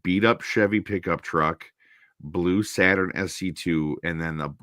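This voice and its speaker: A low-voiced stream host from Minnesota tells a long, wandering story a little slowly, breaking off to imitate the people in it. There's a slight hiss or hum on the recording.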